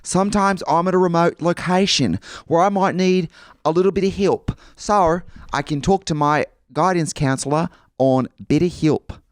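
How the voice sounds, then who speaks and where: Vain young actress, as a man puts her on, faux-lilt, lively swooping pitch, mock-earnest ad read. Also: no room sound, studio quality, close to an everyday voice. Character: vain young female film star doing an ad read. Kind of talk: comedic celebrity impression in a sponsor read.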